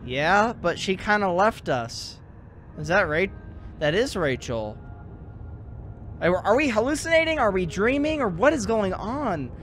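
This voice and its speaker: High-voiced, slow-talking game commentator. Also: male voice, sing-song, a bit bright, a little hiss or hum. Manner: emotional, sympathetic reacting. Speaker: let's play host.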